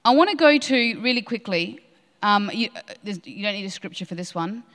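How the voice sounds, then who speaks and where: A woman's voice: mid-range voice, expressive, fairly quick, fairly bright tone. A woman preaching a sermon with passion, repeating key lines for emphasis. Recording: long hall reverb.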